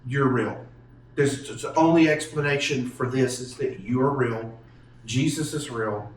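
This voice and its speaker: A man, earnestly telling a personal story with halting restarts. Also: mid-range voice, a little hiss or hum. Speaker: podcast guest telling his testimony. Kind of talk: casual storytelling. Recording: echoey room, mic far off.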